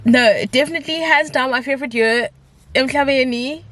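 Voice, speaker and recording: A woman's voice: sits high, a little fast, a bit bright. Chatty woman vlogging. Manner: chatty, rambling, upbeat, mixes in isiZulu phrases. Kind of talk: casual chat to camera.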